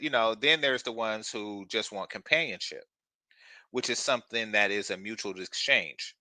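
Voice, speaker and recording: A blunt, crude man hosts a reaction commentary, mocking what he has just watched. His voice is fairly low but bright and forceful, recorded close and dry. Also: moderate pace, no room sound. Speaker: commentary channel host.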